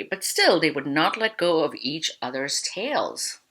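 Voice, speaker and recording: A woman teacher reading a children's story aloud in an animated, storytelling way. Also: low-pitched, unhurried, slight background noise.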